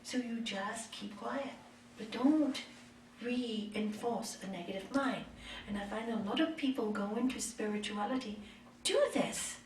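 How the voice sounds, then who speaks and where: A middle-aged woman yoga teacher giving a spiritual talk, telling personal stories in an expressive, conversational way. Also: on the high side, measured pace, a little hiss or hum. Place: retreat meeting hall. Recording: echoey room, mic far off.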